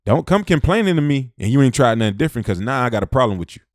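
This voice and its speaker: A man's voice: medium pitch, big pitch swings, rapid-fire, dry recording, studio quality. A man giving a motivational talk, hammering points home by repeating short phrases. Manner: preachy, repeats phrases for emphasis, Southern US speech. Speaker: motivational speaker.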